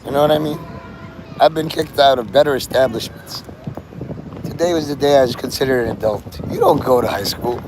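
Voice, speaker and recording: Speaking fairly quickly at medium pitch, a man rambles through a livestream in an outdoor plaza surrounded by tall buildings. He's casual and joking, drops swear words, and chats with birds and viewers; the phone audio carries street noise.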